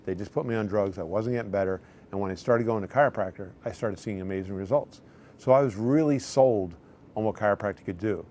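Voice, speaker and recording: A man's voice: lowish voice, fairly quick, mellow, slight background noise. A middle-aged male chiropractor telling patient stories in a conversational way, now and then acting out what people said. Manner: conversational, acts out patients' lines in quotes. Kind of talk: storytelling talk to camera.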